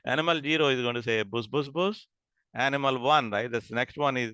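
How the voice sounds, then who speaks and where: Man teaching a class, bright and crisp, dry recording, halting restarts. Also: medium pitch, no echo. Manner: repeats and checks understanding, halting restarts. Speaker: lecturer. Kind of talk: classroom lecture.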